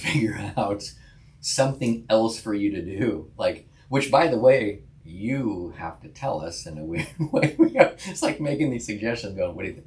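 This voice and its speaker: A man's voice: fairly low pitch, a little mellow. A man, a counselor co-hosting a podcast, talking casually, laughing often and restarting sentences. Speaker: podcast co-host, licensed counselor.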